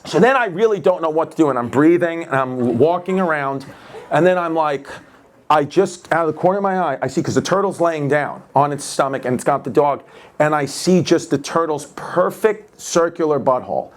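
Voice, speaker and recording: A stand-up comedian telling an animated story, laughing as he goes and acting out the other voices. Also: fairly high pitch, a little fast.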